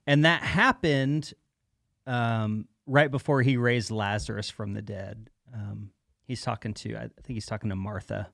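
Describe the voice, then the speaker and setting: A man's voice: fairly low pitch, fairly even intonation, measured pace, vocal fry, a bit bright, no room sound, clean studio sound. A man, a pastor, co-hosting a casual live-stream chat in an easygoing, rambling way. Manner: easygoing, rambling, retells stories conversationally. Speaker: pastor and co-host.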